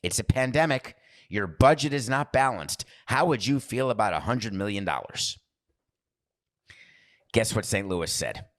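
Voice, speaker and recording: A man's voice: lowish voice, expressive, a little slow, pauses often. A man hosting a podcast, talking in a rambling, digressive monologue that keeps interrupting itself. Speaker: podcast host. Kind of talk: casual monologue.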